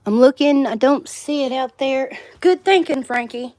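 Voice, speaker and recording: A middle-aged woman vlogs a casual livestream, filming herself around her home and yard, sometimes outdoors, rambling and laughing often. Her voice is high-pitched with a darkish tone, moving at a moderate pace with few pauses.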